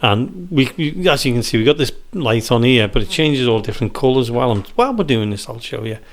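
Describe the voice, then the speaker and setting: A man's voice: medium pitch, expressive, a little fast. A man talking as a podcast guest, joking and teasing, often laughing while he talks. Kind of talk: casual podcast chat.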